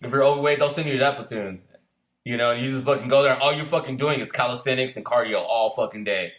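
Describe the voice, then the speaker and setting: A man telling a casual anecdote about boot camp, profane and laughing often, who acts out yelling drill instructors. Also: mid-range voice, fast. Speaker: storyteller recalling boot camp.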